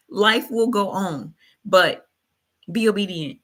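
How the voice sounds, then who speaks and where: Bright-voiced woman giving a faith pep talk. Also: medium pitch, normal speed. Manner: preachy, repetitive, colloquial. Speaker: host.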